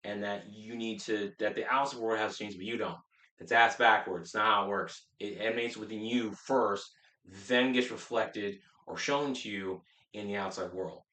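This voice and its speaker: A man's voice: lowish voice, a bit bright, reverberant. A man working as a life coach, giving a blunt, profane motivational talk to his viewers with lots of restarts and emphatic repetition. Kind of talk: casual motivational talk to camera.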